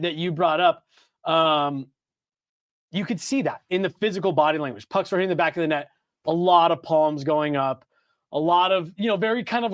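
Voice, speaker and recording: A man co-hosting a sports podcast, chatting casually in a rambling, animated way with plenty of fillers and restarts. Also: high voice, no room sound. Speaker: podcast co-host. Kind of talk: casual hockey podcast chat.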